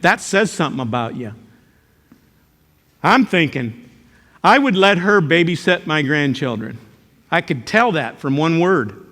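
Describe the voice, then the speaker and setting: An older man speaks to an audience in a large hall, and his voice rings with long reverb. His voice sits a little high for a man. He tells jokey stories and jumps into sudden loud exclamations. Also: a little slow, long pauses. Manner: animated storytelling, joking, sudden loud outbursts. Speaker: character education teacher and speaker. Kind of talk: motivational talk to a live audience.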